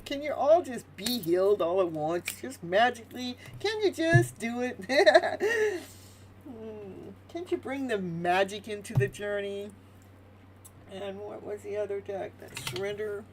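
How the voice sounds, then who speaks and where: A woman giving a live tarot reading in a fairly high voice. Her talk swings up and down in lively, animated waves. She chats and laughs often with her viewers, with faint noise behind her. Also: low-quality recording. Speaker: tarot reader.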